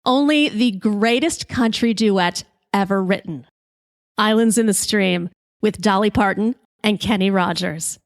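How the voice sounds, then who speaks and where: A woman's voice: mid-range voice, no echo, clean studio sound. Brash woman telling a comic story. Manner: lively, brash, swears freely. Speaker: podcast host.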